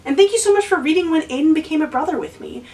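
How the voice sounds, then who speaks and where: A woman's voice: sits high, animated, rapid-fire, warm tone, distant mic, poor audio. A woman hosting a lesson for kids, encouraging and asking the viewer questions. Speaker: children's educator and host.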